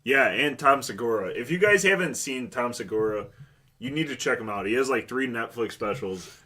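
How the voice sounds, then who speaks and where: A man co-hosting a podcast, telling funny stories in a profane, animated way. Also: medium pitch, normal speed. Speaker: podcast co-host. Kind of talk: casual chat.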